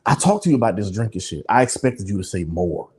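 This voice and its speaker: A man's voice: fairly low pitch, very animated, quick pace, darkish tone. A man co-hosting a podcast, talking in a candid, emotional and profane way and laughing often. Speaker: podcast co-host. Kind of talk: candid casual chat.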